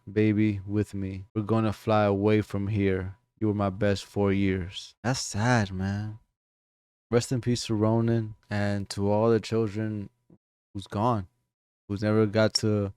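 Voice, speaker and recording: A man's voice: lowish voice, dark tone, clear, resonant tone, no echo. A man giving casual reaction commentary to songs, laid back and speaking straight to his viewers. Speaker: music reactor.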